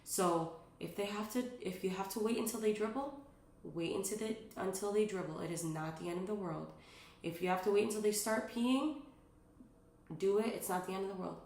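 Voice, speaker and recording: A woman's voice: medium pitch, fairly quick, a little mellow, slight background noise. A young woman and mother giving casual, earnest parenting advice in a chatty vlog, rambling with many fillers. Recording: roomy echo.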